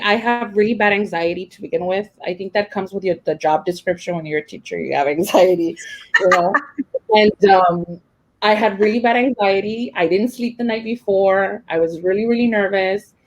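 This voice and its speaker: A woman's voice: mid-range voice, low-quality recording. Young woman teacher, candid and emotional, talks in loose restarts. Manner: emotional, rambling with many fillers and restarts. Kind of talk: casual personal account.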